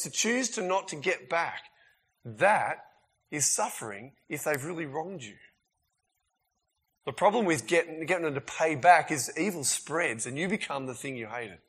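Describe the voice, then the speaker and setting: A man preaching a sermon in a casual, emphatic way, swinging between loud bursts and quiet asides. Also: on the high side, breathy edge.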